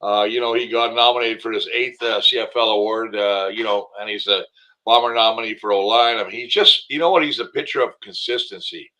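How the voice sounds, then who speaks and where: A man's voice: on the low side, steady tone, brisk, pushed and bright, poor audio. A man talking football as a guest on a sports talk show, emphatic and enthusiastic, rambling with fillers. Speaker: guest, former football player and commentator.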